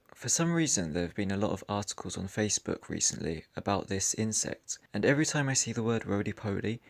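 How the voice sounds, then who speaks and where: Dry British man with a gravelly voice. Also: lowish voice, no room sound. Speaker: vlogger. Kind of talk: casual to-camera commentary. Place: indoors, his room.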